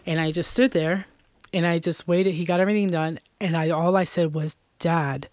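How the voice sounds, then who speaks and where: A woman's voice: fairly low pitch, fairly even intonation, brisk, a little mellow, no echo. Earnest woman telling her life story. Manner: earnest, many fillers like "you know" and "um". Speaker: interview guest. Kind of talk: personal testimony in an interview.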